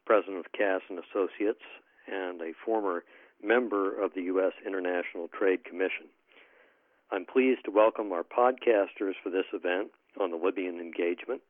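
A man opening a panel event as moderator, formally introducing the speakers in a measured way. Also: sits low, no room sound. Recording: tinny phone-like line, dry.

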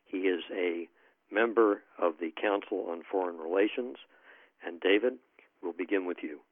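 Deep-voiced man moderating over a phone line. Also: dry recording. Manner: measured, formal delivery. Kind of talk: formal event introduction. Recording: tinny phone-like line, dry.

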